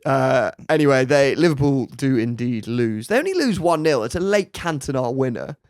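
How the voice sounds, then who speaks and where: A man hosting a podcast, telling a story in a relaxed, chatty way with laughing asides. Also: medium pitch, normal speed, no room sound. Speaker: podcast host. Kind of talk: casual storytelling chat.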